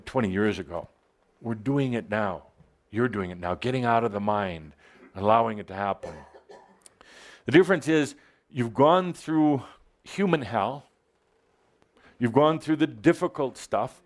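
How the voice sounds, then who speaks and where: A man giving a spiritual channeling talk to a live audience, playful and teasing as he exhorts them. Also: mid-range voice.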